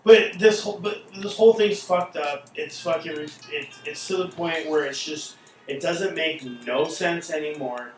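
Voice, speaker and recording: A man talking in a casual chat, animated and swearing often, acting out quoted people as he rants. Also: on the high side, moderate pace, very echoey, distant mic, soft background music, poor audio. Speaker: podcast host.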